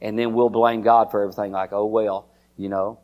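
A man preaching a sermon. His folksy delivery circles back on itself with repeated words and stray fillers. As he preaches he climbs to a high, excited pitch, calling out to his listeners by name. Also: brisk.

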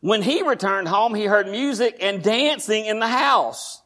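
A man preaching a sermon in church, moving from quiet asides to shouted, high-pitched storytelling. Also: expressive, unhurried, hardly any pauses. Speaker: pastor.

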